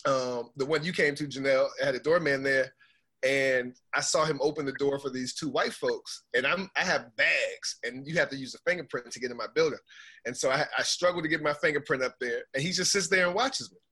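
Podcast guest: American man, bright and a bit husky, animated storyteller. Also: medium pitch, a little fast. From United States. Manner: animated storyteller, acts out quotes. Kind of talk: casual chat.

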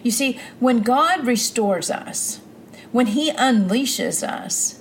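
A woman's voice: a little high, lively intonation, slow pace, a little hiss or hum. A woman podcast host giving an earnest devotional teaching with prayer, building emphasis through repeated phrases. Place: Granbury, Texas.

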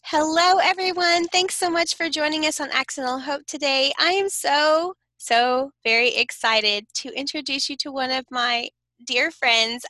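A woman hosting a podcast in an enthusiastic, gushing way, her voice pitched high and sounding bright. The sound is close and dry. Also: moderate pace, no room sound, soft background music, poor audio. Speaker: podcast host. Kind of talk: casual chat interview.

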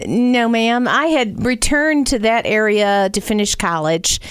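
A woman's voice: on the high side, unhurried, smooth, no room sound, studio quality. A middle-aged woman from the Midwest with a mild Southern accent, chatting casually as a guest and telling stories with little asides. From Northwest Indiana. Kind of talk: casual conversation.

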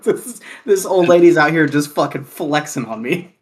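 A man from Kansas telling a story in casual chat, animated and profane, with lots of "like" fillers. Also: fairly high pitch, moderate pace.

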